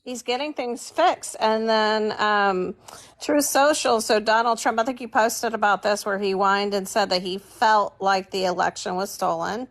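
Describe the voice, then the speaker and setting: A woman's voice: mid-range voice, steady tone, measured pace, a bit bright. A woman co-hosting a casual political chat show, wry and amused, often laughing. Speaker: political commentary co-host.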